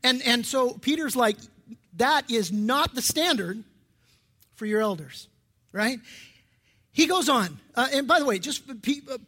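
A man's voice: very high voice, animated, moderate pace, sharp tone. A male pastor giving a sermon in a conversational, emphatic way, with many restarts and personal stories.

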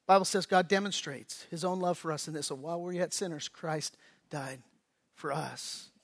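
A male pastor preaching a sermon in a folksy, conversational way, rising loud for emphasis and dropping low and quiet on solemn points. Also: normal speed, gravelly. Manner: folksy, conversational preaching with animated swings in volume.

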